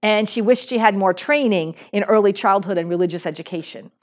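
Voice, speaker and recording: A middle-aged woman pastor giving a sermon in a conversational way, with fillers and restarts. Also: fairly quick. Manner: acts out a small boy's lines in a higher voice when telling a story.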